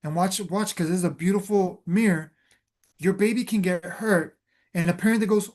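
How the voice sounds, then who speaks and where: A spiritual coach with a mid-pitched voice delivers a motivational talk. The speech is emphatic and loose, hammering points home through repetition and often pausing on fillers and restarts. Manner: emphatic, repeats phrases for stress.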